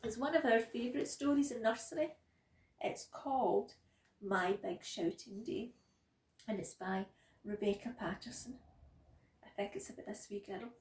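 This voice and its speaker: A woman who works at a nursery, reading a picture book aloud to young children in a gentle, expressive way. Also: a little high, moderate pace, long pauses, roomy sound, recorded from a distance, rough recording. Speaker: nursery practitioner.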